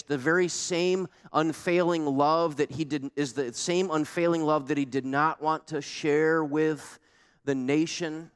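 Male pastor, lively sermon delivery with rhetorical questions; slightly high voice, echoing hall. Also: clean tone. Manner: animated, conversational, rhetorical questions.

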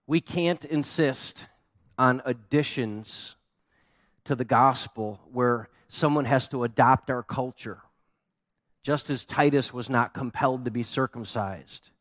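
A man preaching a sermon, telling his stories with animated, acted-out quotes. His voice sits at an ordinary pitch and sounds dry and close, with no room around it. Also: takes it slowly, dry recording. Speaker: pastor.

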